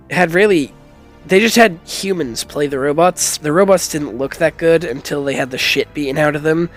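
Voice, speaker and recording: A man casually reviewing a film in a blunt way, swearing a lot, stumbling over restarts and calling people "dog". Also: on the high side.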